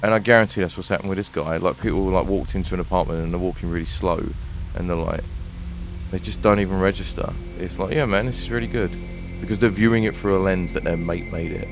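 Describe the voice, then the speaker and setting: A man's voice: low voice, fairly even intonation, quick pace, music in the background. A man with a London accent streaming a game and ranting in frustration, swearing often. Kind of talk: live gameplay commentary. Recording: noisy home stream recording.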